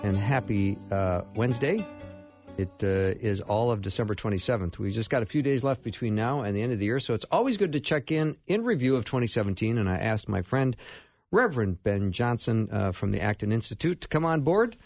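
A man's voice: lowish voice, lively intonation, brisk, a little mellow, no echo, faint music behind. Midwestern male radio host, upbeat chatty banter, dry close studio sound. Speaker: radio talk show host. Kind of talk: morning radio talk show.

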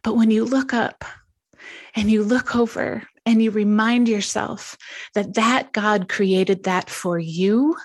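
A middle-aged woman pastor speaks as a talk show guest, her delivery gentle, earnest and reflective. Her voice sits in a middle register. The recording is dry and close, with no room echo. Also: mid-range voice, steady tone, takes it slowly. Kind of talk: devotional talk show conversation.

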